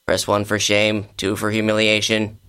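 A man's voice: fairly low pitch, completely flat delivery, normal speed, bright, forceful tone, clear, resonant tone. An actor voicing a dry, sarcastic male fish stick sidekick in a cartoon. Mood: scornful. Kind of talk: cartoon voice acting.

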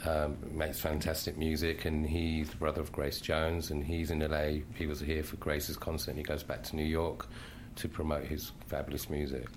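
A man's voice: rumbling low, monotone, normal speed, a little hiss or hum. A British man from the UK, a guest on a radio show, chatting in a friendly, easygoing way in the studio. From United Kingdom. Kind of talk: casual radio interview.

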